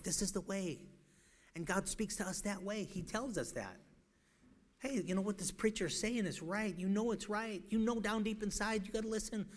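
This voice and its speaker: A male preacher giving an evangelistic sermon in a church, shouting one moment and pleading softly the next, often repeating himself. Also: high voice. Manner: swings from shouting to hushed, pleading; repeats words and restarts. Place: church sanctuary.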